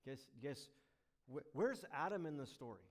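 A male pastor preaching a sermon, emphatic, swinging between loud stressed lines and hushed asides. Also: fairly high pitch, expressive, moderate pace.

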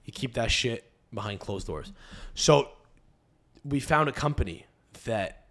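A man's voice: medium pitch, lively intonation, measured pace, fairly bright tone. Young male podcast host, crude and rambling, cursing, laughing through tangents, recording at home. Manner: crude, rambling, swears a lot, laughs often. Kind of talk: casual podcast rant. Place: home, family upstairs.

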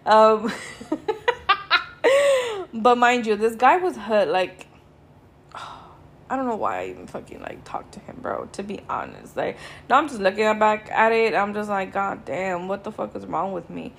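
A woman's voice: medium pitch, sing-song, measured pace, gravelly, pauses often, fairly bright tone, slight background noise. Young woman, podcast host, casual story, swearing, tired, laid-back.

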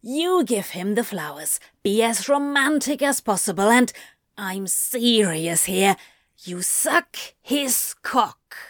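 A woman's voice: mid-range voice, animated, slow, a bit bright, no room sound, clean studio sound. A woman reading a story aloud and voicing a bossy, scheming male demon who hisses his orders in an urgent whisper. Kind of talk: audiobook fan fiction reading.

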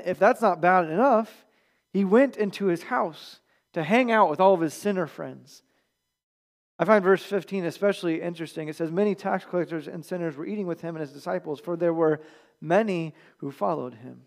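A male pastor giving a Sunday sermon in a conversational manner, dropping quiet at the ends of phrases. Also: high-pitched. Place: church.

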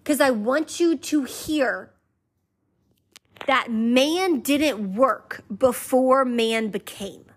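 High-voiced woman preaching with emphatic repetition. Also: very slow. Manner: emphatic, repeats phrases rhythmically; conversational, leads listeners to say lines back. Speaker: podcast host. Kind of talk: faith podcast teaching.

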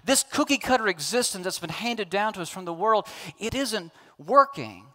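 A man's voice: high voice, very animated, normal speed, bright, forceful tone. A man preaching a sermon as a pastor, emphatic, building to pleading questions.

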